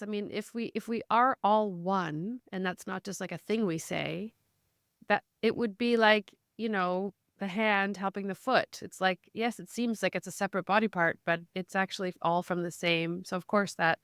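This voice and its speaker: Woman host, reflective and agreeable, smooth tone. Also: mid-range voice, normal speed, dry recording, clean studio sound. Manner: reflective, thinking aloud, warmly agreeing. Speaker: podcast host. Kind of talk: casual interview chat.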